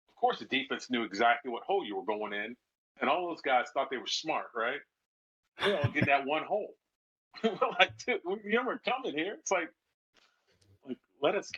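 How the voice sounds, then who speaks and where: A middle-aged man, a former football player, telling lively stories in a casual interview and acting out the people he quotes. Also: mid-range voice, moderate pace, long pauses, slightly rough. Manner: animated storyteller who acts out quoted voices. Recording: slightly dull lo-fi sound.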